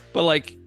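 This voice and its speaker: Animated man chatting about movies. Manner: animated, swears, acts out quotes. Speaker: podcast co-host. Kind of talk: casual movie chat.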